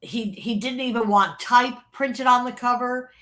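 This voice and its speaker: An older woman recounts her work as a record label art director in relaxed, chatty storytelling. Her voice sits a little high, and she acts out the people she quotes. She laughs easily as the anecdotes build. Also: measured pace. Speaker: interview guest, former record label creative director. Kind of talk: casual storytelling.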